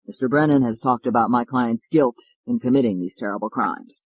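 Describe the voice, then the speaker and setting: A hoarse, feverish defense lawyer, voiced by a male audiobook narrator, low and strained yet pressing on. The voice sounds dry and close, with no room around it, and it pitches a little lower than the narration. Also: brisk, no echo, lo-fi sound, lightly acted. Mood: earnest.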